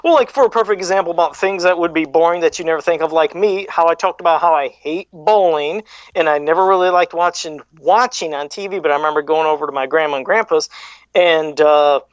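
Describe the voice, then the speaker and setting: A man, co-hosting a casual livestream chat, talking quickly in rambling stories. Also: on the high side, no echo, muffled recording. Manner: fast talker, rambling. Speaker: co-host.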